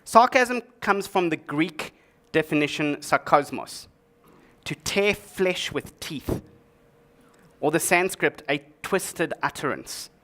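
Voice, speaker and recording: On a conference stage before an audience, a man gives a tech talk with a dry, joking delivery full of sarcastic asides. His voice is on the high side and a bit bright, with lively intonation, and he takes it slowly.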